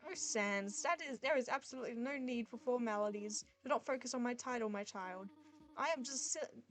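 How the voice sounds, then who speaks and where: Woman reading a kind, fussing motherly goat queen, formal and soft, voice set a bit high, faint music behind. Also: a little fast, lightly acted. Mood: soothing.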